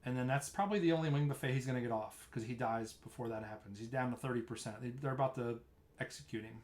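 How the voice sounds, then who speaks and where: This is a young man casually breaking down a game fight over replay footage. He speaks in a loose, conversational way, often circling back to restart a thought. His voice sits at an everyday middle pitch. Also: fast, a little mellow. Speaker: streamer explaining raid tanking. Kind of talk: casual gameplay walkthrough.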